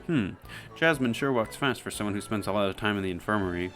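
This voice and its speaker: A man's voice: fairly low pitch, expressive, fast talker, hardly any pauses, fairly bright tone, faint music behind. A young man casually reading a visual novel aloud, with rambling, self-mocking asides. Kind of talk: casual game let's play narration.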